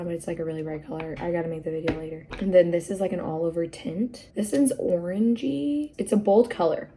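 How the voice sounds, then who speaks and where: A young woman in her twenties chatting casually while doing her makeup at home, rambling with lots of fillers and dropping into soft whispered asides. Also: on the low side, slight background noise. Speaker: beauty vlogger. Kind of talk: casual get-ready-with-me chat.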